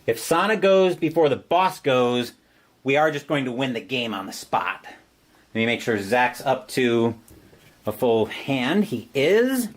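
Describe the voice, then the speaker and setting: Man with a lively voice explaining board game moves. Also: medium pitch, a little slow. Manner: explains each move step by step. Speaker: solo board game player. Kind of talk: board game playthrough commentary.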